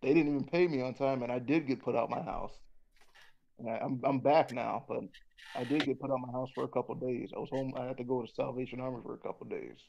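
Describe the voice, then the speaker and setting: A man's voice: mid-range voice, steady tone, quick pace, gravelly, darkish tone, lo-fi sound, a little hiss or hum. A man in casual conversation who rambles, restarts often, repeats words and swears bluntly.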